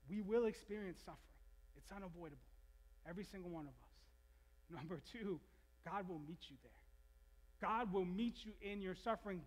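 A man's voice: high-pitched, big-room sound. A male pastor preaching a sermon, telling a personal story in a confessional way with many restarts. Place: church hall.

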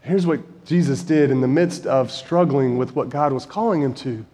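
With a mellow, mid-range voice at a moderate pace, this preacher in his forties, who also teaches Bible at a high school, tells stories earnestly in a conversational sermon. He builds to emphatic peaks, and the recording carries a big hall's long echo.

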